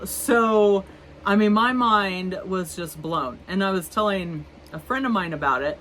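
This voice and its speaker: A woman's voice: mid-range voice, slow pace, fairly bright tone, a little hiss or hum, poor audio. A woman in her fifties telling a story to camera in a chatty, rambling way, with many fillers and restarts. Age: 50s. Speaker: vlogger.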